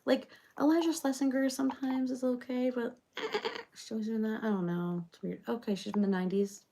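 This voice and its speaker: A woman's voice: a little high, steady tone, a little fast, creaky, mellow, a little hiss or hum. A woman playing a rambling reality-show personality in a comedic parody monologue, chattering on with loads of fillers.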